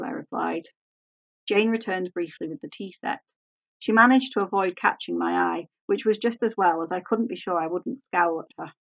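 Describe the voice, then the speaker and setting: A woman author reading her novel aloud in a measured, composed way. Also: fairly low pitch, fairly even intonation, creaky, dry recording, highs cut off.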